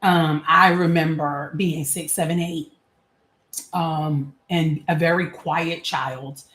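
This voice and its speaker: Brief: a chatty, candid woman in her forties, lowish voice, recorded in an echoey room. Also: steady tone, takes it slowly, fairly bright tone. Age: 40s. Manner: candid, chatty, laughs often, casual slang. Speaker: vlogger. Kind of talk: personal reflective monologue.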